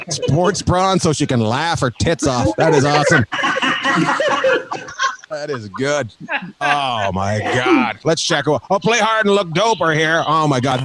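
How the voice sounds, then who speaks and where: Noisy, teasing comedian on a live stream. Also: male voice, medium pitch. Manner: teasing, bantering, laughs at his own jokes. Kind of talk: crowd work with an online audience. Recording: loud background noise.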